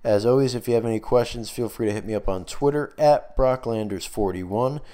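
A man's voice: mid-range voice, brisk, dark tone. A man hosting a solo sports betting podcast, talking casually with lots of fillers, out of breath and losing his voice. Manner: casual, filler-heavy picks talk. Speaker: podcast host.

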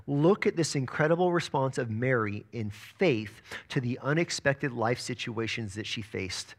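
Expressive preacher man with lively pitch. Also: moderate pace, few pauses. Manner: emphatic, repeats words when building a point. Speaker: pastor. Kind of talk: sermon.

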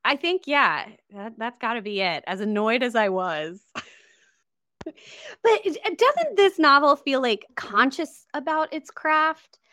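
Woman podcast guest, bright and lively, swinging pitch, close dry mic. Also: takes it slowly, dry recording. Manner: lively, laughs often. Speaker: podcast co-host. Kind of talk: casual book discussion.

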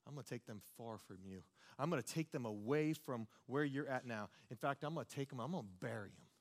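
A man voicing a gentle, loving Jesus during a sermon, speaking low, hushed and unhurried. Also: natural voice. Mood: tender. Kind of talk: sermon storytelling.

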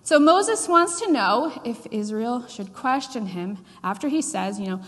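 A woman's voice: a little high, animated, unhurried, long reverb tail. A woman pastor preaching a sermon, telling a story with frequent fillers.

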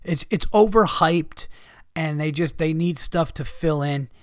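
A man with a fairly high voice rants into the mic, profane and exasperated. He slips into mocking imitations of other people. The sound is dry and close, with no room echo. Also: measured pace. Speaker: podcast host. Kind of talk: ranting monologue.

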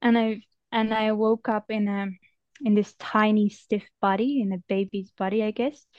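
A young adult woman, a guest in an interview, telling a personal story in a reflective, gentle and somewhat halting way. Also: medium pitch, steady tone, dry recording. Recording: dull dry sound.

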